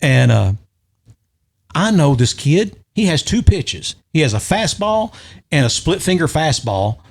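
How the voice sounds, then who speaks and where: A middle-aged man tells a long story in casual podcast chat, animated and acting out the voices of the people he quotes. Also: on the high side, measured pace, gravelly. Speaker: podcast guest or host.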